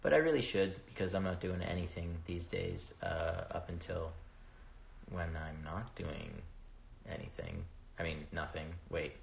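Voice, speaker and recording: A man's voice: deep voice, measured pace, vocal fry, slight background noise. A young man hosting a casual livestream, chatting loosely with viewers, swearing freely and losing his train of thought, talking into a phone. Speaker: livestream host answering viewer questions. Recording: roomy echo.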